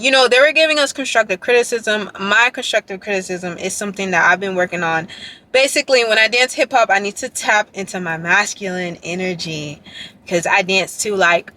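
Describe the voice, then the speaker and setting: A young woman telling a rambling, excited story to her camera in a casual vlog. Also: dry recording. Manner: excited, rambling, quotes others in a lowered voice. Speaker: dance vlogger. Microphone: handheld camera.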